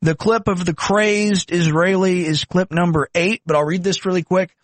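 A man's voice: a little high, fairly even intonation, brisk, hardly any pauses, no echo. A young man commenting on video clips, indignant and mocking. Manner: indignant, mocking, puts on silly voices. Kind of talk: political commentary.

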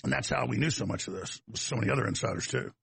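A man's voice: medium pitch, racing, creaky, a bit bright, husky, dry recording. A man with a Texas accent, hosting a talk show in a rambling, combative, folksy monologue that wanders off on tangents.

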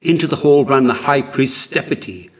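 A man narrating a historical story in a measured, dramatic way, as an audiobook. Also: medium pitch, slightly rough.

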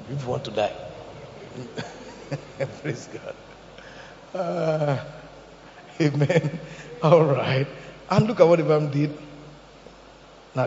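A man preaching a sermon, telling animated stories and asking the congregation questions. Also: on the high side, gravelly, a little hiss or hum. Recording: echoey hall, dull sound.

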